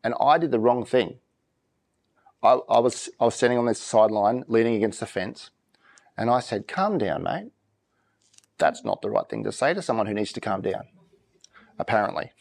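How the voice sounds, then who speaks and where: A pastor preaching a conversational sermon, reading scripture slowly and with emphasis. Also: male voice, on the low side, steady tone, creaky, darkish tone.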